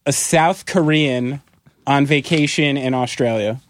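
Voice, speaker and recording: A man's voice: mid-range voice, a little slow, slight background noise. A man guest-hosting a casual chat, laid-back and teasing, swearing casually. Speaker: guest host.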